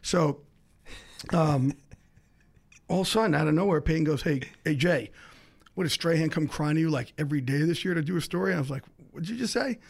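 A middle-aged man, a sports insider, telling a story as a podcast guest with fast, excitable delivery, acting out the other people in it. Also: a little high, creaky. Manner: fast, excitable, acts out quoted voices. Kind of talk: animated storytelling.

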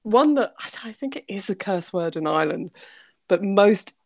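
A woman's voice: mid-range voice, animated, normal speed, darkish tone, dry recording, clean studio sound. A woman, a comic artist, chatting casually as a guest, laughing often and swearing freely. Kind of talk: casual chat.

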